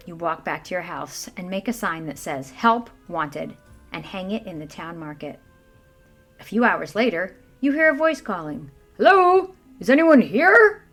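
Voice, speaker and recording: Woman reading a kids bible story, super animated, talks right to you, quiet music behind. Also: fairly low pitch. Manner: lively, addresses listener as you. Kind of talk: scripted narration for children.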